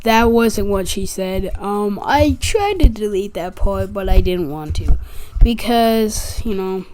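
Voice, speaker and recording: Young girl, casual vlog storytelling, slow pace, lots of "like", acts out quotes. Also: medium pitch, expressive, darkish tone, slight background noise. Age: child. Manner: rambling, fills with "like", acts out quotes. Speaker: gaming channel creator.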